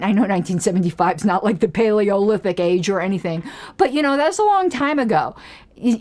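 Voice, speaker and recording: With a medium-pitched voice, this woman hosts a political commentary show she produces from home. She wanders chattily from point to point, gets excited, and quotes from old newsletters.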